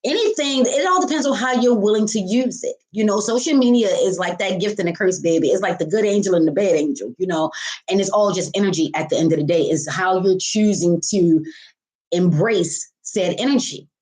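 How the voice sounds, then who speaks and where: Woman tarot reader, casual spiritual pep talk, swears freely, calls viewers baby, mid-pitched voice. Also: a little fast, darkish tone. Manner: candid and profane, calling listeners baby and honey.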